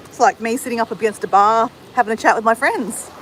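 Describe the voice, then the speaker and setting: An Australian woman hosts a livestream outdoors in the sun, casually greeting viewers and answering their comments. Her voice sits on the high side and she talks fast. The recording is rough, with slight background noise.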